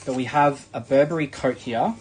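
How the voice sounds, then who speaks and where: Australian male live-sale host, mid-pitched, chatty and filler-heavy, faint music behind. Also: normal speed. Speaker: live-stream shopping host. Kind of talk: live sales stream chat.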